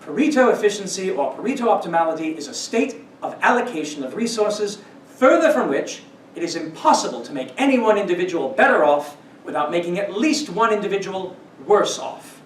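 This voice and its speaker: A man's voice: high voice, big pitch swings, brisk, a little hiss or hum. A man voicing a mock posh British encyclopedia reader in an exaggerated British accent, reciting in a stiff, formal way. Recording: roomy echo, distant mic, faint ambience.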